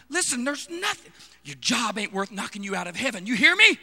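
A male preacher delivering a fervent sermon, swinging from shouted exhortation to hushed, intimate asides. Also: extremely high pitch, big pitch swings, moderate pace, creaky, long reverb tail.

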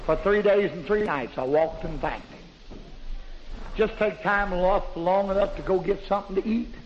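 A man preaching a fervent testimony in a plain, folksy way, building up to loud, shouted praise. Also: high voice, moderate pace, in a large hall. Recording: dull lo-fi recording with faint hiss.

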